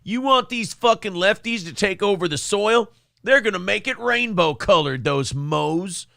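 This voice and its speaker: A man putting on the voice of a crude, loud older Southern farm politician in a mock campaign ad. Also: high-pitched, lively intonation, unhurried, gravelly, no echo, clean studio sound, full character voice. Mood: ranting. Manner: crude shouting campaign parody.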